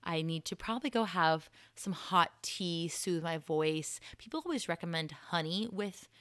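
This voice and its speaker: A woman hosting a solo podcast, chatting in a casual, encouraging way and laughing at herself, her voice starting to go a little hoarse. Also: on the low side, normal speed, a bit bright, dry recording, studio quality. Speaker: podcast host.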